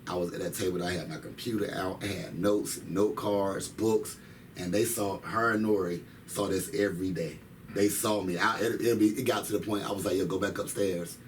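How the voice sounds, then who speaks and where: A man's voice: sits low, steady tone, normal speed. A man in his thirties, an interview guest, telling his story in casual slang, repeating phrases for emphasis. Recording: distant mic with faint noise.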